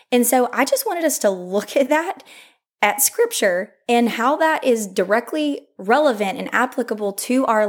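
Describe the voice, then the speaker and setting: A young woman hosting a faith podcast, earnest and chatty, with frequent laughs and lots of "like", who reads scripture aloud. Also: on the high side. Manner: earnest and chatty, laughs often, says "like" a lot. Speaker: podcast host. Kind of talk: faith-based podcast talk, reading scripture.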